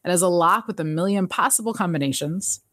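A woman hosting a podcast, chatting casually as she recaps an episode, telling it in an animated way, laughing often and acting out the characters' lines. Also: lowish voice, a little fast, no room sound, clean studio sound. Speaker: podcast host.

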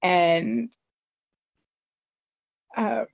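A woman's voice: medium pitch, drawn-out words, vocal fry, husky, no room sound. A woman co-hosting a podcast, recapping an episode in casual, laughing, filler-heavy chat. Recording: dull lo-fi dry recording.

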